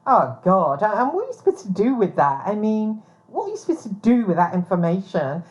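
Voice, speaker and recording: A woman's voice: medium pitch, very animated, fairly quick. A woman giving a rambling personal monologue as a vlogger, hesitant with many ums, blunt and swearing. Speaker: private investigator vlogger. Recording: dull lo-fi recording.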